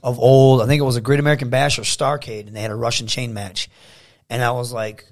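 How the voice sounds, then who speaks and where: A man's voice: medium pitch, quick pace. A man from Michigan, a professional wrestler, telling enthusiastic stories as a guest in a casual interview. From Saginaw, Michigan. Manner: animated, enthusiastic storyteller.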